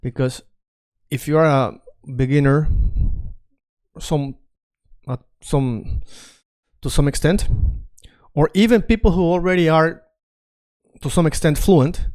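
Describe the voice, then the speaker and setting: A man's voice: fairly high pitch, slow, pauses often, a little mellow. Man teaching Spanish drills, repeating phrases. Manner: repeats drill phrases many times, asks viewers to say them along; often checks in with "right?" and "okay?". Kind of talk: video language lesson.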